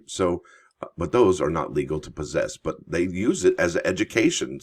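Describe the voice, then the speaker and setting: A man with a very low, deep voice and a husky, slightly rough tone hosts a casual video commentary. He reads items aloud, then drifts into chatty, rambling asides, thinking out loud as he goes. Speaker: coin and bullion channel host. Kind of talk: casual commentary while reading news on screen.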